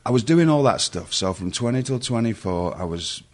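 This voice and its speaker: A man's voice: mid-range voice, animated, normal speed. A middle-aged English man telling a long story in a casual interview, rambling and interrupting himself. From England. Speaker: guest.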